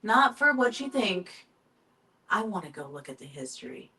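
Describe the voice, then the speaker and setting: A young woman with Mexican roots co-hosting a podcast in casual chat, acting out little stories with lively voices. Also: medium pitch, moderate pace, distant mic. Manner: animated, acts out phone calls in different voices. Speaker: podcast co-host.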